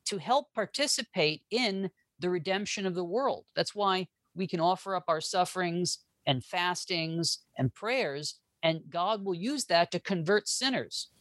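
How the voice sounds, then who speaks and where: Guy explaining history on a podcast, jokey and animated, restarts sentences, dry sound. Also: sits high, unhurried, hardly any pauses, no echo. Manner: animated, joking, restarts often. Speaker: guest historian. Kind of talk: casual interview talk.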